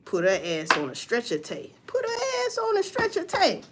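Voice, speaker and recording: A woman's voice: extremely high pitch, moderate pace, noisy background. Woman on a livestream in aave, cussing and gossiping, voice jumping all over the place. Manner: profane, animated gossip with mocking asides. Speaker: livestream host. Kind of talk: casual livestream commentary.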